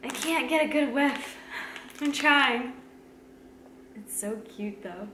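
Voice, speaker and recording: A woman fitness vlogger chatting casually through a snack taste test, laughing often and filling pauses with "like" and "um". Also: high voice. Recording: echoey room, faint background hum.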